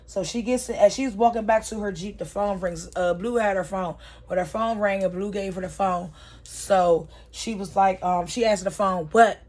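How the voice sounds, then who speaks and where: A woman's voice: mid-range voice, steady tone, moderate pace, a little mellow. A woman casually recapping a TV episode, retelling scenes by quoting the characters and talking straight to her viewers.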